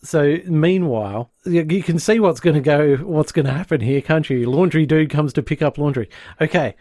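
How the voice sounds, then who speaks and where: A man co-hosting a podcast, recapping a sitcom plot in lively casual chat and dropping into quick voices for the characters. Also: a little high, no room sound, clean studio sound. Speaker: podcast co-host.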